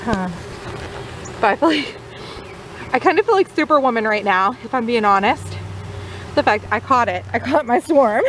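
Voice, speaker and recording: A chatty woman talks through her beekeeping on a camera mic outdoors. Her voice sits a little high, with lots of easy fillers. Faint insect buzzing and outdoor noise run behind her. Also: expressive, moderate pace, pauses often. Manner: chatty, upbeat, uses many fillers. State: out of breath. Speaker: new beekeeper. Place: outdoors by beehives.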